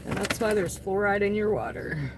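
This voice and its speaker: A woman's voice: mid-range voice, lively intonation, moderate pace. A woman delivery driver chatting to her livestream from inside her car, rambling and earnest. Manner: rambling, earnest, talks to chat between orders. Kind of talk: casual livestream chat while driving. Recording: loud road noise in a moving car.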